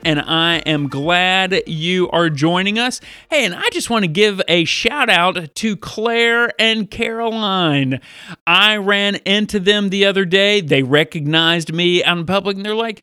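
An animated male pastor hosts a Bible podcast for preteens, moving between storytelling and teaching. His voice sits a bit high and stays upbeat, with faint music under it. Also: unhurried, clean tone.

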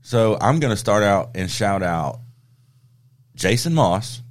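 A man hosting a podcast, telling stories in an easygoing way and giving shout-outs. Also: on the low side, animated, takes it slowly. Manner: easygoing storyteller, laughs often. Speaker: podcast host. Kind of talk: casual chat.

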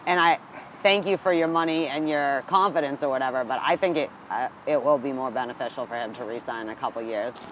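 A man's voice: mid-range voice, brisk, fairly bright tone, slight background noise, rough recording. A man co-hosting a casual sports talk show, chatty and upbeat with lots of "like" in his talk. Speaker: co-host of a hockey talk show. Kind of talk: casual chat.

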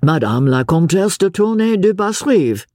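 A woman's voice: fairly low pitch, very animated, normal speed, a little mellow, no echo, clean studio sound, pitched above the performer's own voice. A woman doing a formal, deferential lord. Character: courteous, formal nobleman host.

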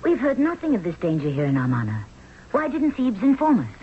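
Radio drama: proud indignant queen, animated, faint hiss, dull vintage sound. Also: medium pitch, brisk. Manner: haughty, indignant. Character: proud idealistic Egyptian queen. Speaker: actress. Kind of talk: 1970s radio drama acting.

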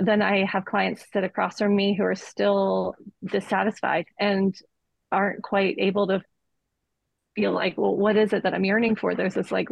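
A woman's voice: mid-range voice, creaky, no echo. A woman in her forties, a midlife coach, speaking as a guest in earnest, reflective conversation with frequent filler words, on a slightly muffled recording. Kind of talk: conversational interview.

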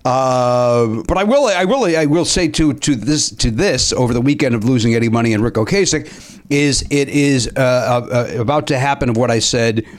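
A man hosting a casual podcast chat, rambling and filling pauses with frequent uhs and ums. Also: mid-range voice. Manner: rambling, with frequent filler sounds. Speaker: podcast host.

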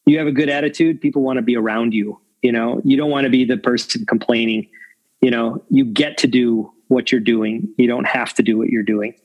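A man's voice: medium pitch, steady tone, brisk, highs cut off. A man in his fifties, a longtime film crew veteran, giving candid, reflective interview answers full of fillers. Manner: reflective, rambling with many fillers.

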